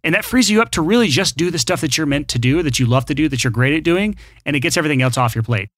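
A man's voice: on the high side, lively intonation, very fast. A man hosting a podcast, giving upbeat advice in casual chat. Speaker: podcast host.

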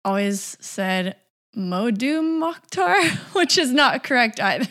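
A woman's voice: mid-range voice, expressive, measured pace, sharp tone. Easygoing laughing woman co-host. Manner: laughing, self-deprecating, easygoing. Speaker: podcast co-host. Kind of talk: casual music chat.

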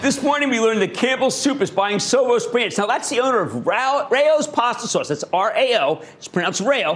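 An older man with a Philadelphia accent hosting a stock-market TV show, talking in a loud, fast, excitable way. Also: fairly high pitch. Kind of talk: energetic TV finance commentary.

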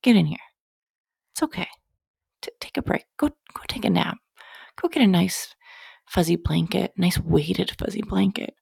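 A woman's voice: fairly low pitch, lively intonation, normal speed, vocal fry, pauses often, darkish tone, husky, no room sound, studio quality, full character voice. A woman putting on the voice of a doting motherly figure who coos pet names and coaxes you to rest. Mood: cooing. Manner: cooing, pet names, bossy-tender. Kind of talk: playful mothering bit.

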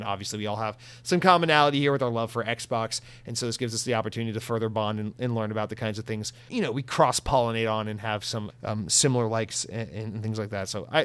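A man's voice: mid-range voice, clear, resonant tone, dry recording. Guy hosting a podcast, sarcastic and cussing a lot, super dry mic sound. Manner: sarcastic, profane, animated. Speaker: podcast host. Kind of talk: casual comedic podcast.

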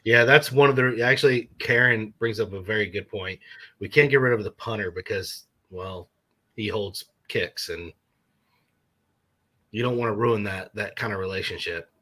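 A man's voice: on the low side, normal speed, sharp tone. A man in casual sports chat, blunt and swearing freely.

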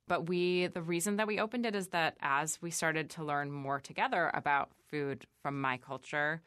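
A woman with a low voice talks through her story in a relaxed interview. She leans on "like" and "you know," and slips into quick voices of the people she quotes. The sound is dry and close, with no room around her. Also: smooth, no room sound. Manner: chatty, frequent "like" fillers, quoting others in lively voices. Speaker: chef and restaurant owner, guest. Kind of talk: casual interview conversation.

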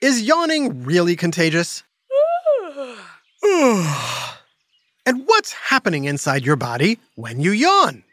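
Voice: medium pitch, normal speed, hardly any pauses, no echo, studio quality. A host of a children's science show, narrating playfully and quizzing the listener with teasing asides and yawns. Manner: animated, teasing quiz-style delivery with yawns and sighs.

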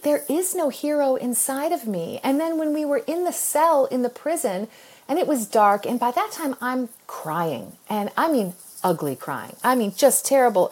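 Husky, lively middle-aged American woman. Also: sits high. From United States. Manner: expressive, earnest, laughs often while telling. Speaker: author guest. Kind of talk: conversational interview storytelling.

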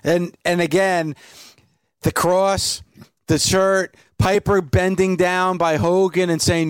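A man co-hosting a podcast, lively as he tells a story. His voice sits fairly high. The room sound is dry. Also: slow pace, smooth, dry recording. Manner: animated storyteller. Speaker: podcast co-host. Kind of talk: casual chat.

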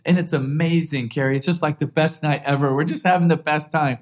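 A man in his thirties, a former football quarterback, telling a heartfelt personal story as a guest in an interview and growing lively as it builds. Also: fairly high pitch, fairly quick.

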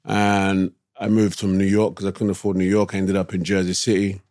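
A man with a London English accent, a guest telling relaxed anecdotes in an interview with slangy asides. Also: sits low, brisk, dry recording, clean studio sound. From England. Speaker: actor guest. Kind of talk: casual interview storytelling.

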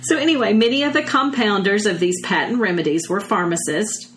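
A woman's voice: mid-range voice, animated, fairly quick, fairly bright tone, slight background noise. A woman with a Southern US accent co-hosting a podcast, chatting and reading from an article with folksy exclamations. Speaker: podcast co-host. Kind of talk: casual chat, reading from an article.

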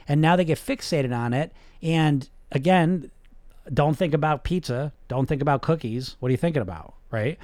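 A man's voice: fairly high pitch, normal speed, darkish tone, dry recording. A man, a hypnotist hosting a podcast, talking in an emphatic, blunt way with lots of rhetorical questions and the odd swear word. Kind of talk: motivational podcast monologue.

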